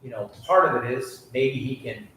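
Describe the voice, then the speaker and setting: A man's voice: mid-range voice, moderate pace, a bit bright, a little hiss or hum. A man in a Bible class, offering a thoughtful, somewhat hesitant comment. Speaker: class participant. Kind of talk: discussion comment. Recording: distant voice in echoing room.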